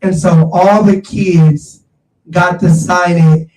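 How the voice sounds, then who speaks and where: Excitable slangy guy hosting a chat, high voice, sits back from the mic in an echoey room. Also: slow, distant mic. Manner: animated, slangy, addresses listeners as y'all. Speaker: show host. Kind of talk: casual chat. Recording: roomy, off-mic sound.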